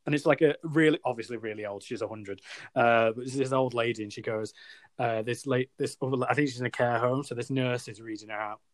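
A man's voice: mid-range voice, fairly even intonation, quick pace, dry recording. A British man hosting a casual chat, quizzing and teasing his co-host and laughing easily. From Britain. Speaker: podcast co-host.

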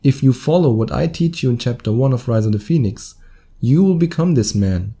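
A man with a German accent talks through his podcast alone, in his thirties. His voice is very dark and mellow, at a middle pitch. He keeps it chatty and chuckles at his own mistakes. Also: animated, brisk. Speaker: podcast host. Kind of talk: solo podcast monologue.

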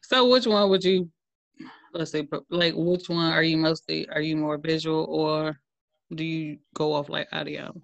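Woman podcast co-host, lower voice, blunt slangy quips, dry sound. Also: fairly even intonation, unhurried, gravelly, no room sound, lo-fi sound. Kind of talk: casual chat.

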